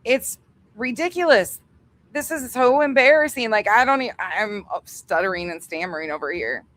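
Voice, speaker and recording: A woman's voice: a little high, lively intonation, fairly bright tone. A woman hosting a livestream, chatting casually, swearing freely and laughing easily as she thanks her members. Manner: chatty, profane, quick to laugh. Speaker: livestream host.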